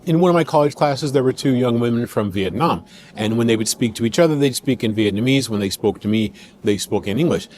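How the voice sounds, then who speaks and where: American male podcast host, mid-pitched, chatty explainer who numbers his points and voices quotes. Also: brisk, darkish tone. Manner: conversational, lists points, acts out quotes. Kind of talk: explanatory commentary.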